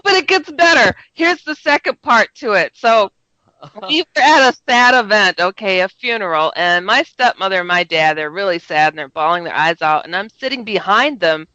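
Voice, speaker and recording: Animated laughing woman storyteller. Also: mid-range voice, no room sound, highs cut off. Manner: animated storyteller, laughs often, acts out dialogue. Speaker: radio co-host. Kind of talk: casual radio chat.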